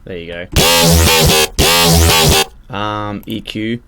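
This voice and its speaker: Loud synth music and keyboard typing fill the background as a young man speaks very slowly through a casual screen-recorded music production tutorial. His voice is fairly low with fairly even intonation, and his talk is loose and rambling, full of fillers and restarts.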